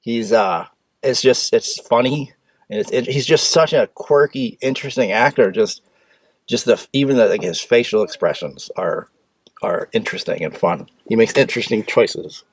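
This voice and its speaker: A man with a medium-pitched voice hosts his own film review show, speaking at a moderate pace in a casual, blunt, opinionated way. He rambles, restarts and breaks into sudden bursts of speed. There's no room sound.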